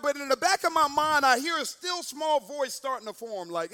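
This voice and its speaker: A young adult man, a guest speaker, telling a personal story as a sermon and acting out the quoted lines with sudden loud bursts. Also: very high-pitched, animated, brisk, hardly any pauses.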